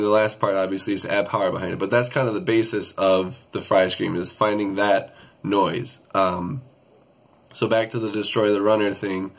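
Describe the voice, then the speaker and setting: A young man with a slightly low-pitched voice talks through a singing lesson in a loose, casual way. He rambles a little and fills gaps with ums and restarts. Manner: relaxed, rambling with many fillers and restarts. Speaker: vocal tutorial host. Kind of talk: casual vocal tutorial.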